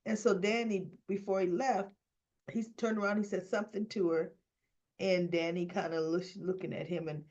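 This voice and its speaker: A woman recaps a soap opera episode in a loose, rambling way. She corrects herself often and fills gaps with ums and uhs. She talks slowly, and the recording sounds dull and lo-fi. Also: mid-range voice, a little mellow. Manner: rambling, self-correcting, many fillers. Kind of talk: casual spoken episode recap.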